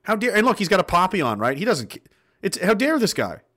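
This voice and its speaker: Male vlogger, higher-pitched, sardonic, indignant political ranter. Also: very animated, fast talker, a bit bright. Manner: indignant, sardonic, swears freely. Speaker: political commentator. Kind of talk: ranting political vlog.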